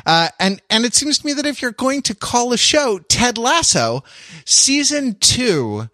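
A man's voice: very high voice, big pitch swings, a little slow, bright, forceful tone, dry recording, studio quality. A man hosting a podcast in casual chat, rambling and joking, with many fillers and restarts. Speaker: podcast host.

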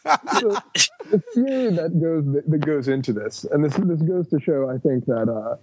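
A man's voice: on the high side, animated, measured pace, a little mellow, husky, poor audio. A man co-hosting a podcast, explaining things in a dry, casual way.

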